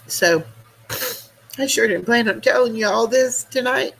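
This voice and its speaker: A woman hosting a livestream, crying and talking to her viewers in halting, broken phrases. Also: on the high side, gravelly, fairly bright tone, husky, poor audio. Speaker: livestream host. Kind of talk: emotional casual chat to viewers.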